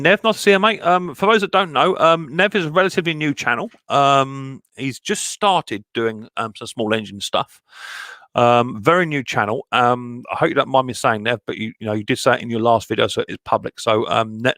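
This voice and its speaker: A man's voice: medium pitch, a bit bright, no echo, studio quality. A man hosting a live stream in a casual, chatty way, greeting viewers one by one with plenty of ums.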